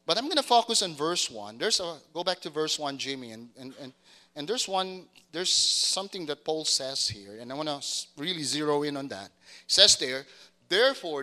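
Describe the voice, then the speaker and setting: A man's voice: fairly high pitch, expressive, normal speed, sharp tone. A man preaching a sermon to a congregation, often repeating words and restarting phrases and checking that the listeners follow. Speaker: pastor.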